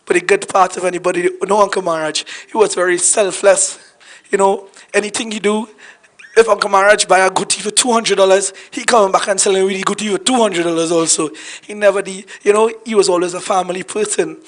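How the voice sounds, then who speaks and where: A man with a Trinidadian accent speaks at a funeral gathering, his voice hoarse and pitched fairly high. He rambles warmly through an unprepared eulogy, often restarting and repeating his words. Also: fairly even intonation, fast talker. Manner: heartfelt, rambling, repeats himself. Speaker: family member giving a eulogy. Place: funeral gathering at a family home.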